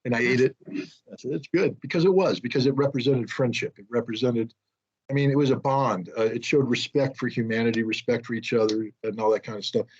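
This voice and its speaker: A man's voice: medium pitch, a little fast, a little mellow, husky. An American man telling a rambling, self-deprecating anecdote as an interview guest, with frequent restarts. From United States. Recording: dull lo-fi sound.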